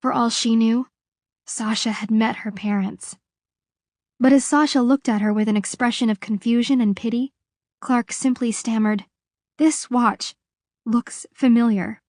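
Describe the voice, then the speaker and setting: A woman narrating an audiobook in a measured, expressive reading. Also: a little high, no echo, clean studio sound.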